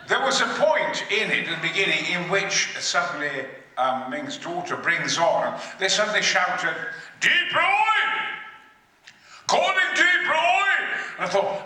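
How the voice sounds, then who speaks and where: An older man telling bawdy anecdotes on stage at a fan convention panel, booming, sweary and theatrical. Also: pushed and bright. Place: large convention hall. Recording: echoey hall recorded from far off.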